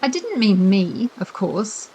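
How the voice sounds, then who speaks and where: A woman's voice: mid-range voice, sing-song, slow pace, warm tone, slight background noise, rough recording. A woman reading the part of an eager young girl who keeps pressing her ideas. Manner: persistent. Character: eager, bossy young girl, a little injured.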